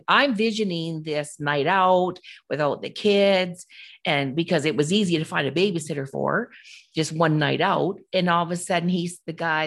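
A middle-aged woman co-hosting a podcast, telling a personal story in a casual, animated way and acting out the voices of the people in it. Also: fairly low pitch. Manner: animated, acts out quoted voices. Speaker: podcast co-host.

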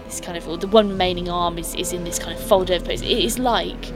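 A woman's voice: lowish voice, fairly even intonation, fast talker, over music. Woman narrating as game master. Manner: descriptive, restarts and fillers while narrating.

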